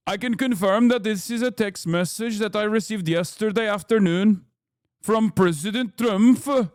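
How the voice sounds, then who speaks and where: A man reading out an official statement in a put-on Norwegian accent, stiff, formal and measured. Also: sits high, no echo, studio quality. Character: mock Norwegian prime minister reading a statement.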